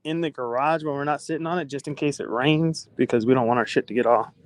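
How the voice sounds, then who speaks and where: A man's voice: mid-range voice, fast talker. A middle-aged man casually chatting on a phone live stream while walking around his house, loose and profane, laughing often.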